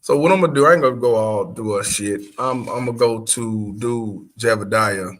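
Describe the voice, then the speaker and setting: A man's voice: fairly low pitch, normal speed, a bit bright. A man hosting a casual reaction show, profane and laughing often as he comments. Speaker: host.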